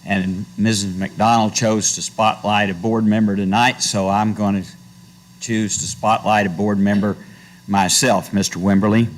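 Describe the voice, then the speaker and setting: A man's voice: fairly low pitch, little pitch movement, measured pace, a little hiss or hum, rough recording. An older man making a pointed, indignant public comment at a school board meeting.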